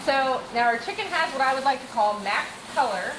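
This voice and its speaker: A woman walks viewers through an easy recipe in a relaxed, chatty way. Her slightly high voice rises and falls a lot as she explains. The room is echoey, with clear background noise. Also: fairly quick. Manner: chatty, instructive, giggly. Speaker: cooking show host. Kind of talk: casual cooking demonstration.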